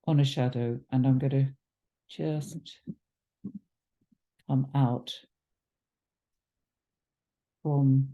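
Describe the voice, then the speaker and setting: A woman giving a relaxed watercolour painting demonstration, chatty and thinking aloud with ums and self-corrections. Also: a bass voice, slow, dull audio. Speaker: watercolour art teacher.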